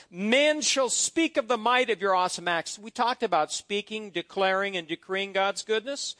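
High-voiced exuberant man preaching. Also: animated, normal speed, hardly any pauses, a bit bright, no room sound. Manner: exuberant preaching, reads scripture aloud, folksy asides. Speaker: pastor. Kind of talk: sermon.

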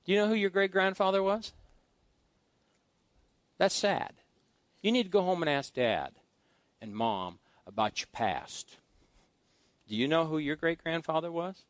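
A middle-aged male pastor telling folksy personal stories during a sermon, swinging between loud asides and quiet musing. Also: fairly high pitch, expressive, unhurried, long pauses, dry recording. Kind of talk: storytelling sermon. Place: church sanctuary.

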